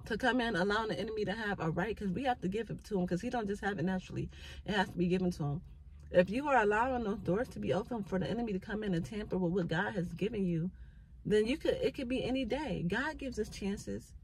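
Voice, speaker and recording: A woman's voice: mid-range voice, a little mellow, a little hiss or hum, poor audio. A mother talking earnestly about faith and family, with a preachy, heartfelt way of speaking. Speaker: mother sharing faith thoughts. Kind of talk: casual spoken reflection.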